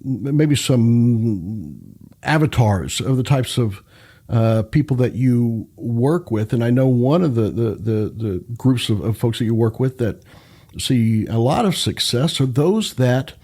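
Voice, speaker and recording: A man's voice: mid-range voice, expressive, a little slow, warm tone. A man hosting a radio interview show, asking long questions that he works out as he goes. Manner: hesitant, many fillers and restarts.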